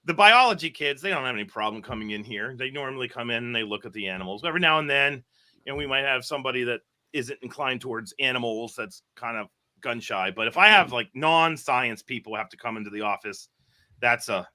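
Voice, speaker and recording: Guy professor telling wild animal stories, super bright tense voice, laughs a lot, swears casually. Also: medium pitch, lively intonation, a little fast. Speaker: biology professor guest. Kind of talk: animated storytelling.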